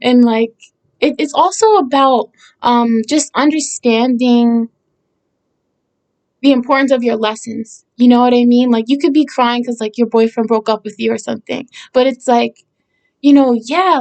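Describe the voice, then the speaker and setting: A woman's voice: on the high side, normal speed, darkish tone. A woman songwriter talking casually about the meaning of her song lyrics, rambling with many fillers and restarts. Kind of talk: casual explanatory talk.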